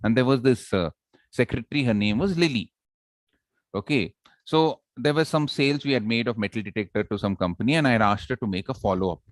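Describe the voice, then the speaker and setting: Teaching public speaking in an online class, a man with an Indian English accent speaks animatedly at a brisk pace and medium pitch, often checking in and asking the class to respond. The recording is dry.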